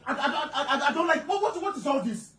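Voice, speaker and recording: A woman playing a loud, scolding in-law. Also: sits high, expressive, fast. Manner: shouting, stammering repeats, scolding. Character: loud, exasperated female relative scolding quarrelling wives. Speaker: in-law scolding two wives. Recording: roomy room, voice from a distance.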